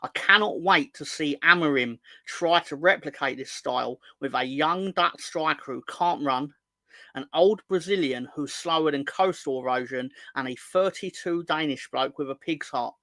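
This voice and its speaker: A man's voice: on the high side, normal speed, bright, forceful tone, dry recording. A young man hosting a football fan livestream, chatting casually, joking and teasing viewers as he reads their comments. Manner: joking, rambling, teasing the chat. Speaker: football fan show host.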